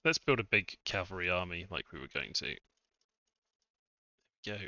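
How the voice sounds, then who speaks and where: A game modder streams a test session, casually commentating in a deep, sing-song voice at normal speed that sounds pushed and bright. He's chatty and self-mocking with muttered asides, and the dry mic gives a dull, slightly lo-fi sound.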